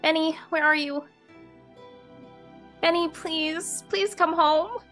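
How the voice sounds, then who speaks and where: A woman doing a high-pitched little girl. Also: steady tone, slow, a bit bright, faint music behind, exaggerated voice. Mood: pleading. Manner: high, pleading, urgent. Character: worried little girl seeking lost dog.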